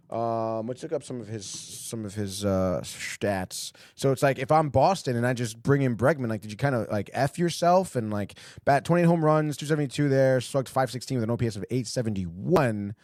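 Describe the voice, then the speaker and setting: A man's voice: mid-range voice, a little mellow, dry recording. A man hosts a casual sports podcast, talking loosely and with plenty of swearing. His speech is full of "dude" and "like", and he reads out headlines and quotes in a mocking tone. The recording is dry and close to the mic. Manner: loose and profane, heavy "dude" and "like" fillers. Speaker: podcast host.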